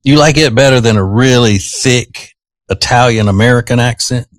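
A man's voice: medium pitch, moderate pace, dry recording. A man hosting a radio show, rambling casually with lots of fillers.

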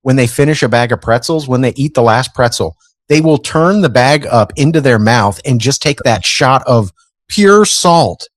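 A man's voice: medium pitch, normal speed, no echo, studio quality. Chatty man co-hosting morning radio. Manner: chatty, amused, storytelling. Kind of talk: casual morning show banter. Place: radio studio.

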